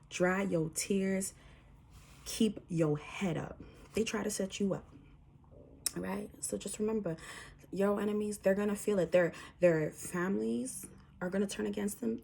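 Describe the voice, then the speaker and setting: A woman's voice: medium pitch, creaky, darkish tone, a little hiss or hum. A woman delivering a spiritual message to her viewers, reassuring and emphatic, sometimes dropping to a whisper. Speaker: spiritual reader.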